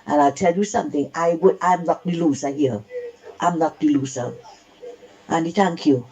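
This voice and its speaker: A woman's voice: low voice, moderate pace, dark tone, poor audio. A woman calling in to a radio talk show, speaking indignantly and emphatically and repeating her points. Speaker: radio caller.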